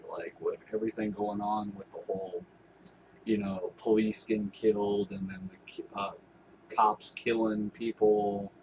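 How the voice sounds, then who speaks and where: A man's voice: on the low side, highs cut off, noisy background. A man talking casually to camera as a vlogger, rambling and swearing with laughing asides. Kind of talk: casual vlog commentary.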